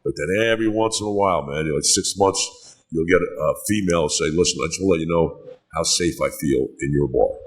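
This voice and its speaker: A man's voice: low-pitched, brisk, low-quality recording. A middle-aged man, a bar co-owner telling rambling stories with lots of swearing and "man.". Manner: rambling, swears a lot, says "man" often. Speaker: bar co-owner, podcast guest. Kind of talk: casual storytelling chat.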